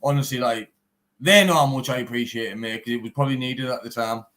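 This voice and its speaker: This young man, a bare-knuckle fighter from Teesside in England's northeast, speaks fast in a mid-range, slightly bright voice. In a casual live-stream interview he's animated, cursing often and using "mate" all the time.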